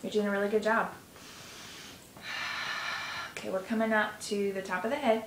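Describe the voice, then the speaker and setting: A woman guiding a tapping session, coaching gently and sighing between slow repeat-after-me phrases. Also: mid-range voice, little pitch movement. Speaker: tapping guide. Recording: echoey room with faint noise.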